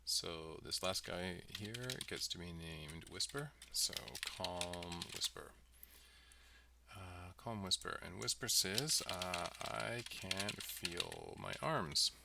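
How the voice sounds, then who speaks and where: A man with a low, creaky voice speaks slowly while developing a game on a livestream, thinking aloud with lots of ums and let's sees. The recording is very noisy, from a distant mic, with loud keyboard typing and mouse clicks in the background as he walks through his coding.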